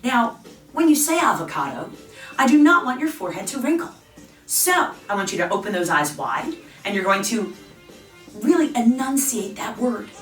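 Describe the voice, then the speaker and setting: Woman instructor coaching a facial workout, calm encouraging cues, off-mic with soft music behind. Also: on the high side, far from the mic. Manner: encouraging, slow guiding cues. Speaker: fitness instructor. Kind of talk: guided face and jaw exercise class. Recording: roomy, off-mic with faint music.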